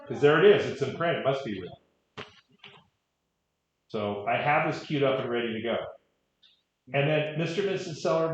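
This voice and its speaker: Real estate trainer, male, wry and conversational, echoey room, dull audio. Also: medium pitch. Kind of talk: training talk with stories.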